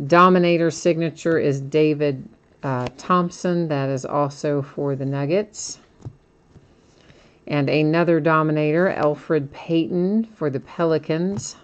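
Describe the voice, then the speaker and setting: A woman hosting a live sports card break stream, talking through cards and the upcoming schedule in a chatty, steady way. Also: low-pitched, smooth, lo-fi sound. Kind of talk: live stream product recap.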